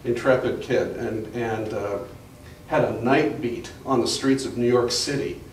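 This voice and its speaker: A man's voice: mid-range voice, steady tone, measured pace. An older man telling rambling family anecdotes to an audience at a museum talk, often restarting his sentences. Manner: rambling storyteller with frequent restarts and fillers. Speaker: guest speaker at a museum talk. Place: museum gallery, recorded from the audience. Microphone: distant camera mic. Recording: echoey room from far off, faint hiss.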